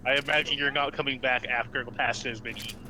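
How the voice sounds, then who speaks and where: Guy on voice chat, dry quick remarks, noisy game audio behind. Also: medium pitch, steady tone.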